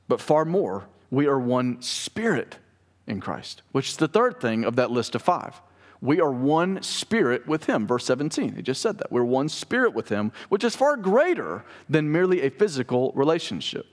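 Male pastor, mid pitch, chatty preaching style, long hall reverb. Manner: conversational preaching with asides to the congregation. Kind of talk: sermon.

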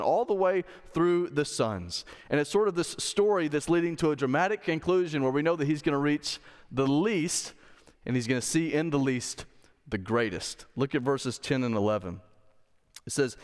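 A man's voice: a little high, expressive, brisk, clear, resonant tone, long reverb tail. A man preaching a sermon as a pastor, reading Bible passages aloud and talking to the congregation in a conversational way. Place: church sanctuary.

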